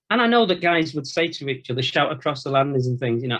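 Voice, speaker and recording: A male Catholic priest giving an informal Lenten talk, telling stories from his time as a prison chaplain in a lively, colloquial way. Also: medium pitch, quick pace, few pauses. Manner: storytelling, animated anecdotes with quoted voices.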